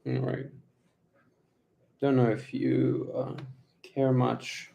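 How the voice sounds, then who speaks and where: A man talking casually in a vlog at home, rambling slowly with many fillers and the odd laugh. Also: mid-range voice, completely flat delivery, vocal fry, mellow, echoey room. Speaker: vlogger. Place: his apartment. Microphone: phone camera.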